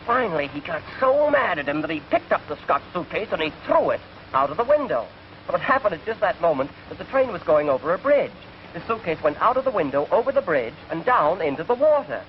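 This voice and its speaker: A man's voice: on the high side, big pitch swings, fast. A young man with an English accent telling jokes in chatty, self-amused 1940s film comedy banter. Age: young adult. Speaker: film actor playing himself. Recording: dull hissy 1940s film soundtrack.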